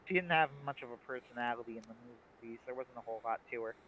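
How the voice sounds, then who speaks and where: A man with a bright, forceful voice talks casually on a livestream and argues his opinions with plenty of emphasis. His voice comes through on dull, lo-fi audio. He sounds like a regular co-host holding forth. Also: mid-range voice, fast, slight background noise. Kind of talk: casual chat.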